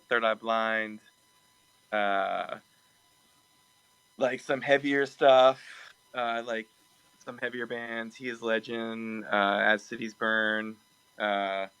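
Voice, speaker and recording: A man's voice: fairly low pitch, sharp tone, smooth, no echo, low-quality recording. A man being interviewed over a video call, talking casually and hesitantly with many ums and restarts. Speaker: production assistant and music producer.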